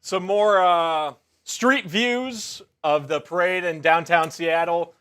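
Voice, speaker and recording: A man's voice: high voice, slow, pushed and bright, clean tone. A man co-hosting a live sports show, casually describing footage with fillers.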